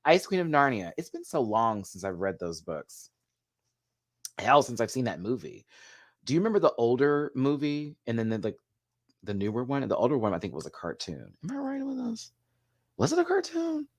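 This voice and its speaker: A man's voice: mid-range voice, normal speed. Male host of a live show review; gushing, chatty, answers his viewers, voice rises and falls a lot. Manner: gushing, excitable, laughs often; chatty, talks back to viewers' comments. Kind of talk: live video review chat.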